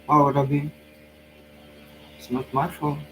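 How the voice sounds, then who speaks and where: A man's voice: fairly high pitch, level tone, a little slow, background noise. A Norwegian man with a cold, speaking English as a second language, who muses hesitantly and thinks aloud while giving a tarot card reading. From Norway. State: has a cold. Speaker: psychic channel host.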